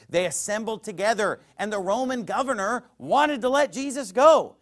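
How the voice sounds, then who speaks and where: A man preaching a sermon, emphatic, with sharp swings in loudness and scripture quoted in old-fashioned wording. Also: high-pitched, animated, moderate pace, hardly any pauses. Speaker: pastor.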